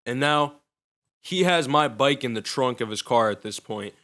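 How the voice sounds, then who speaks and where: A man's voice: medium pitch, animated, normal speed, fairly bright tone. A young man casually telling a personal story in loose, profane, slangy talk.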